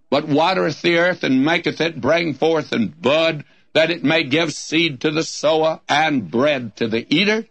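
A man's voice: a little high, a bit bright, no echo. A man giving a Bible study sermon in a folksy way, calling listeners his friends and reading scripture in old-fashioned wording. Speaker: Bible teacher.

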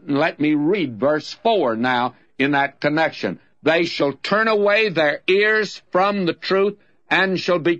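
Older Southern man, radio Bible teacher, folksy and emphatic, lively pitch, dull old radio recording. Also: dry recording. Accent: Southern American.

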